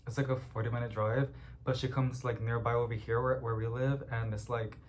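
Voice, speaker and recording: A young man chatting casually at home about plants he is unboxing, rambling and getting excited as he goes. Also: mid-range voice, brisk, a little hiss or hum. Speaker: plant vlogger.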